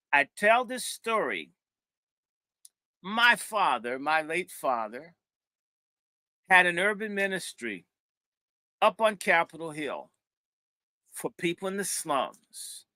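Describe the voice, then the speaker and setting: A middle-aged man, a minister, telling a lively, funny story from his own past in animated talk, breaking into other people's voices. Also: on the high side, dry recording.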